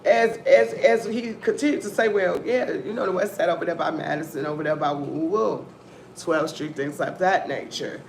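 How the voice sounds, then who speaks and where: A woman hosting a casual commentary stream, telling stories in a rambling, profane, animated way. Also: on the low side, normal speed, vocal fry. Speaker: host of a news-and-commentary stream. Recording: echoey room, faint background noise.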